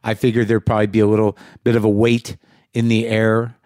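A man's voice: fairly low pitch, level tone, darkish tone, no room sound, studio quality. A man hosting a podcast in a rambling, profane monologue, punchy and short on sleep. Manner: rambling, rapid-fire questions, profane. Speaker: podcast host. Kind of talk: casual monologue.

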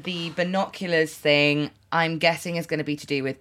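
A woman's voice: low-pitched, steady tone, moderate pace, a bit bright. A young woman co-hosting a comedy podcast, thinking aloud in rambling casual chat full of fillers and wordplay. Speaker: podcast co-host guessing the answers.

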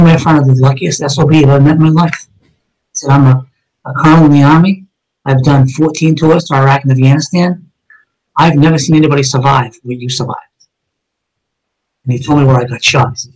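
A man's voice: a little high, poor audio. Earnest man telling a personal story. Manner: earnest, acts out quoted dialogue in retelling. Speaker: interview guest.

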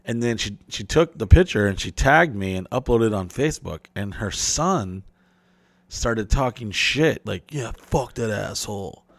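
A man's voice: on the low side, expressive, unhurried, a bit bright, no echo. A man hosting a podcast, telling rambling, profane stories in casual chat and acting out the people in them. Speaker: podcast host.

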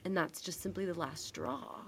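With a fairly low, husky voice marked by vocal fry, this young podcast co-host talks at normal speed. She recaps a TV episode casually, an animated storyteller who acts out the lines she quotes.

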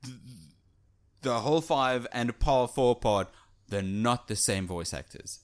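A man co-hosting a casual chat about a video game, animated and quick to act out little voices. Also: medium pitch. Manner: animated, does little voice impressions. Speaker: podcast co-host.

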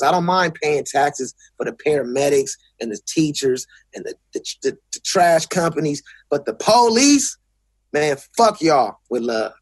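Husky, profane Los man. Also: mid-range voice, no room sound. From South Central Los Angeles. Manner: blunt, profane, restarts often. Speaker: guest. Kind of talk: casual interview talk.

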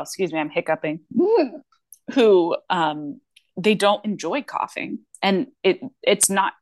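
A woman co-hosting a casual podcast, speaking as a working clinician. Her voice sits on the low side and she rambles, restarting thoughts with plenty of fillers. The sound is dry and close, with no room around it. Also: a little slow, no room sound. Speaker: speech-language pathologist, podcast co-host.

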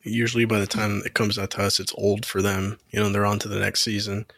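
A man co-hosting a podcast in casual chat, relaxed and explaining things at length. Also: on the low side, quick pace, gravelly, no room sound, studio quality. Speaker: podcast co-host.

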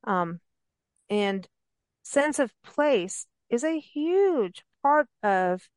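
A woman hosting a radio interview, talking in an enthusiastic, rambling, chatty way with quick laughs. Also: a little high, animated, darkish tone, no echo. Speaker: radio show host. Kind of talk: casual interview chat. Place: travel and parks radio show.

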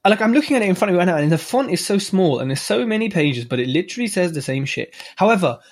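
A man's voice: high voice, sing-song, very fast. A man hosting a podcast, giving a casual, chatty solo book review with offhand swearing and self-mocking asides. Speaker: podcast host.

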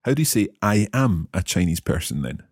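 A man's voice: low voice, very animated, fairly quick, darkish tone, husky, no echo, clean studio sound. A man hosting a language lesson, asking questions and carefully repeating new phrases. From Scotland. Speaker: learner host of a language lesson.

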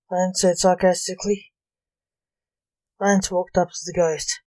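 A woman reading a comic story aloud in a measured, gently expressive way. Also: medium pitch, no echo, low-quality recording.

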